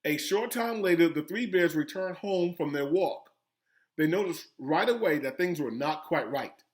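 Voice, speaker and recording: A man, a school principal, reading a children's story aloud with animated, gasping, teacherly asides to young pupils. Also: a little high, moderate pace.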